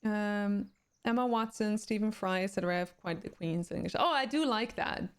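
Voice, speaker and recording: With a smooth, mid-range voice at normal speed, a woman streamer with a Swedish accent hangs out with live viewers. A native Swedish speaker, she reads their comments aloud and answers them casually.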